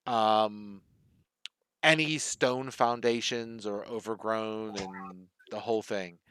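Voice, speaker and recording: A man's voice: on the low side, steady tone, takes it slowly, a bit bright, smooth, dry recording. A man narrating as game master of a tabletop game, rambling with many fillers. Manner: rambling, many fillers like "you know" and "right".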